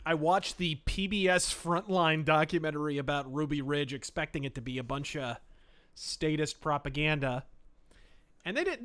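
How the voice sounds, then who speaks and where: A man's voice: on the high side, a bit bright, no room sound. A man hosting a live stream while playing a video game, talking in a profane, offhand way and muttering to himself. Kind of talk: live-stream gameplay commentary.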